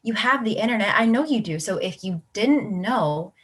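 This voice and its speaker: A woman playing a sharp, sarcastic female online commenter who is blunt and cutting, in a student theatre production. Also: mid-range voice, animated, moderate pace, slightly rough. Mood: probing.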